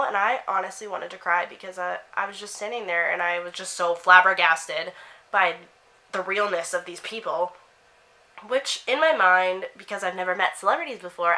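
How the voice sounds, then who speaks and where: Bright, gushing young woman vlogger. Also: lowish voice, slight background noise. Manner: gushing, excitable storytelling. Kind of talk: casual chat. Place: at home doing makeup.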